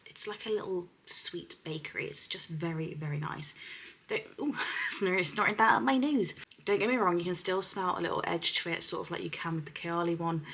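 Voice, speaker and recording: A young woman from the UK, a beauty vlogger, chatting casually to camera about perfumes, giggly and dropping into soft whispers. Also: low-pitched, slightly rough. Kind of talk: casual fragrance review to camera.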